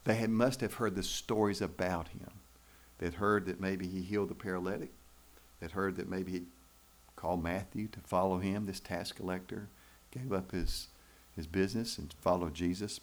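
A man preaching a sermon in church, folksy and emphatic, with rhetorical questions to the congregation. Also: low voice. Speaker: pastor.

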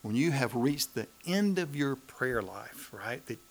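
In an expressive mid-range voice, a man delivers a sermon that surges into emphatic peaks and then drops to hushed, slower stretches. He repeats phrases to drive his points home.

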